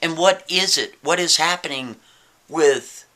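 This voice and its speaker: A man telling a story in a casual, animated way, often checking in with the listener and posing questions. His voice is bright, forceful and slightly high. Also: a little slow. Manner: animated, keeps asking "right?" and rhetorical questions.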